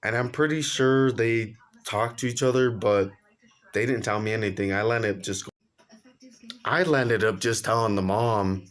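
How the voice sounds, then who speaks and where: A man's voice: on the low side, fairly even intonation, unhurried, fairly bright tone. Laid-back young man telling a story. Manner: laid-back slangy, laughs while telling. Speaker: vlogger. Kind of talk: casual storytelling.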